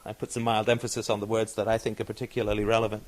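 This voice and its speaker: A man's voice: fairly low pitch, flat delivery, racing, slight background noise. A man hosting a podcast in casual chat, talking in a discursive, analytical way with many fillers and restarts. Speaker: podcast host.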